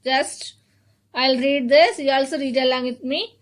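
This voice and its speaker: A woman teaching an online phonics class to young children, sounding words out slowly, repeating each one and calling the children "my dear children". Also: high voice. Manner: addresses children warmly as "my dear children".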